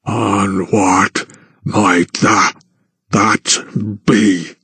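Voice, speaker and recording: A man voicing a huge, gentle giant who speaks slowly and deliberately in a deep, booming voice. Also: little pitch movement, breathy edge, no echo, clean studio sound, exaggerated voice. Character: huge slow-spoken gentle male giant.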